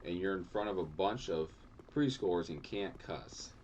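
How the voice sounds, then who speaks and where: A young adult man streaming a game, rambling casually, swearing often and yelping high when surprised. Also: lively intonation, normal speed, darkish tone, slight background noise. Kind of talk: casual gameplay chat.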